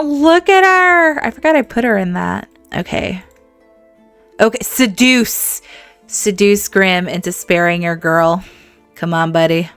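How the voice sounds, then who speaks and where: A woman hosting a let's-play, giving game commentary in an animated way, laughing often and talking to her viewers. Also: medium pitch, clear, resonant tone. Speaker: gaming channel host.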